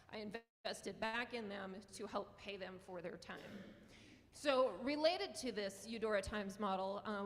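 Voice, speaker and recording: North dakota woman giving a fired-up conference talk, mid pitch, long echo from the hall. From Western North Dakota. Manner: earnest and impassioned, with small laughs. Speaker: journalism professor and newspaper publisher. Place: lecture hall.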